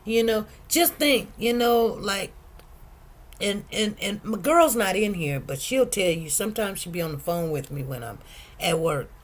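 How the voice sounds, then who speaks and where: A woman's voice: mid-range voice, measured pace. Woman, live stream host, casual chat, chatty, earnest, exclaims freely. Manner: chatty, animated, exclaims over food; soft-spoken, earnest storytelling. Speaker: live stream host reading viewer comments.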